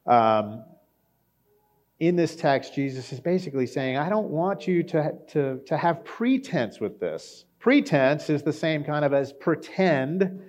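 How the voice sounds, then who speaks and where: A man preaching a conversational sermon as a pastor, with frequent fillers and lively quoted lines. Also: a little high, unhurried.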